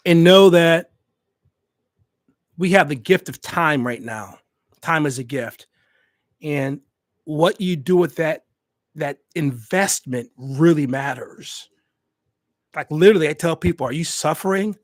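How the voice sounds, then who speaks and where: A man's voice: on the high side, measured pace, pauses often, no room sound, studio quality. A man hosting a livestream for his hospitality channel, talking straight to his viewers in an emphatic way and repeating phrases for weight. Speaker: host of a hospitality YouTube channel. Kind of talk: casual livestream talk to viewers. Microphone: USB desk microphone.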